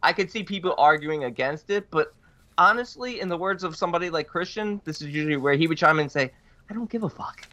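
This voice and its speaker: A man's voice: fairly high pitch, expressive, quick pace, sharp tone, no echo. A man co-hosting a casual podcast, joking and playful with the others. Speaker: podcast co-host.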